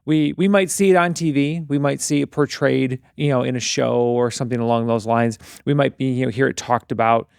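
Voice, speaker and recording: Host, man, earnest and reflective, gravelly voice, dry close sound. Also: medium pitch, fairly even intonation, brisk, few pauses, dry recording. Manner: earnest, reflective, many fillers. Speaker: interview host. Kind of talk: conversational interview.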